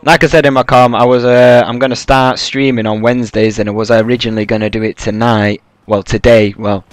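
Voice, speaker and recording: Rambling young gaming commentator. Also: male voice, mid-range voice, flat delivery, fairly quick, clear, resonant tone, no room sound. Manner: rambling, swears casually, filler-heavy. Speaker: gaming YouTuber. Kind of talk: casual gameplay commentary.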